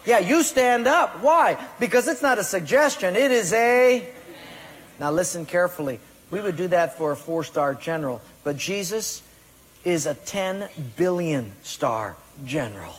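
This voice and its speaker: A man's voice: sits high, animated, a little slow, breathy edge. A pastor preaching a sermon with emphatic delivery, now and then acting out his listeners' excuses. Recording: voice in a large reverberant hall.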